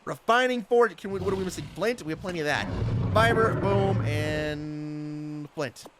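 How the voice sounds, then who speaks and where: A man's voice: fairly high pitch, moderate pace, very noisy. A young man giving casual, chatty commentary over his gameplay, laughing often. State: hiccups. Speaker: gaming YouTuber.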